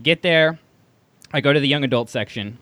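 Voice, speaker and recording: A man co-hosting a podcast, chatting casually and telling stories in a playful, animated way. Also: medium pitch, normal speed, no echo. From Texas, USA. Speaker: podcast co-host. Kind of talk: casual chat.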